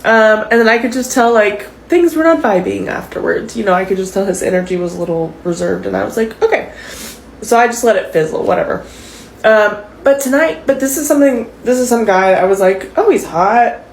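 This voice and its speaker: A woman telling a dating story into her phone while tearful, rambling and halting with fillers. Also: medium pitch, gravelly, reverberant, slight background noise, poor audio. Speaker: TikTok poster. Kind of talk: confessional vlog.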